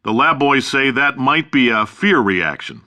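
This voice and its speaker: A man's voice: medium pitch, very animated, measured pace, sharp tone. An actor playing a brash, boastful middle-aged company boss with sarcastic salesman's patter in a video game. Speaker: company founder and CEO.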